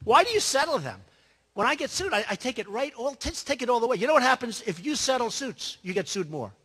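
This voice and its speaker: A man's voice: very high voice, animated, fast, fairly bright tone, breathy edge. A man giving a rambling, boastful campaign speech, full of asides to the crowd. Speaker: political candidate. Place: large hall. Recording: reverberant hall.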